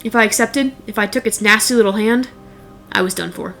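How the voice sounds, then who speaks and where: A young woman narrates a first-person horror tale with a wry, blunt delivery and casual profanity. Her voice sits in a middle register, and soft music plays underneath. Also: mid-range voice, fairly quick.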